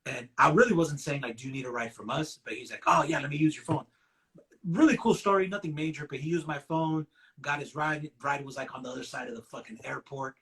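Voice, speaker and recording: A man's voice: mid-range voice, fast, a bit bright. A man from the West Coast of the US, around his forties, hosting a casual chat and telling a laid-back story with plenty of swearing. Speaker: podcast host.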